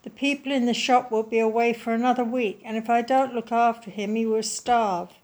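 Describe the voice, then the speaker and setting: A woman reading the part of a kind, caring young woman in a children's story, speaking softly and sympathetically. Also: fairly high pitch, steady tone, a little fast, close to an everyday voice. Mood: gentle. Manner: soft, sympathetic.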